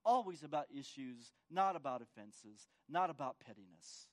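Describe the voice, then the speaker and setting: Speaking at a moderate pace, a man with a fairly high, expressive voice delivers a sermon as pastor. He tends to repeat words when restarting, and he frequently uses tag questions to get the congregation to agree.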